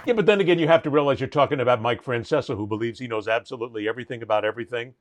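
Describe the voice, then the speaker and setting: A man's voice: mid-range voice, very fast, slight background noise. A middle-aged man hosting a sports talk show, telling stories in an emphatic, indignant way. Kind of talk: casual panel chat.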